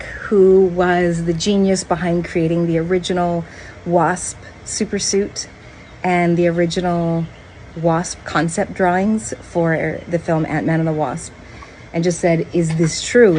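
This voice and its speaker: A woman giving earnest, measured commentary to camera. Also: lowish voice, flat delivery, darkish tone, a little hiss or hum, poor audio. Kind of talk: social media commentary.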